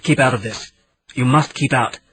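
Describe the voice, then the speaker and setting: A man reading an audiobook, voicing a grizzled old man who speaks quietly, gently but firmly. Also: medium pitch, normal speed, slight background noise, natural voice, low-quality recording. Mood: fierce hushed. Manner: quiet, gentle yet commanding.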